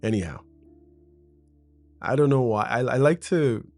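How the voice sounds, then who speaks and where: A man's voice: medium pitch, lively intonation, unhurried, darkish tone, no room sound, faint music behind. A man hosting his own podcast, riffing off script in a casual, rambling monologue as if talking to a best friend, at a foam-shielded mic in a room by a window. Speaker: podcast host. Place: home room in front of a window. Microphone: studio mic with a foam shield.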